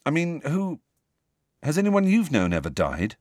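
A man's voice: on the high side, wildly swooping pitch, a little slow, darkish tone, no room sound, clean studio sound, pitched above the performer's own voice. A man voicing a troubled, earnest teenage boy wizard in an audiobook, hesitant and blunt.

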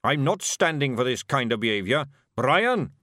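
Pompous dwarf shopkeeper, read by a man: loud, lofty, indignant, higher than the narration. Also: animated, measured pace, no echo, studio quality, natural voice.

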